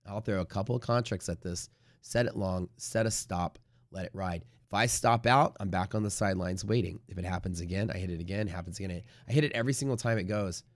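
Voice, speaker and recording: A man runs a live day-trading stream, rambling casually with plenty of swearing and sudden loud bursts of mock trader shouting. His voice is low and he talks fast, on a dry recording.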